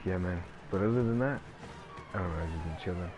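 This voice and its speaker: A man's voice: sits low, quick pace, over music. A man giving casual gameplay commentary, ranting in a rambling, profane way and packing his talk with filler words. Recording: noisy background.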